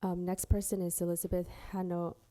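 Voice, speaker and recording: A woman's voice: fairly low pitch, flat delivery, fairly quick, warm tone. A woman chairing a school board meeting, polite and apologetic, with many hesitant fillers.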